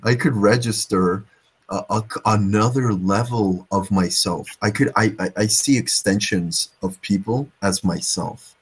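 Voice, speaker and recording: A man's voice: on the low side, measured pace, husky. A man in his twenties in casual group talk, rambling about abstract ideas and tripping over repeated words. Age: 20s.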